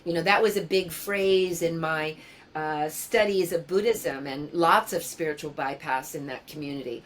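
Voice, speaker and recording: A woman's voice: deep voice, moderate pace, slight background noise, rough recording. A woman in her sixties from New York, a yoga teacher talking as an interview guest in an earnest, musing way, often repeating key phrases. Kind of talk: reflective conversational interview.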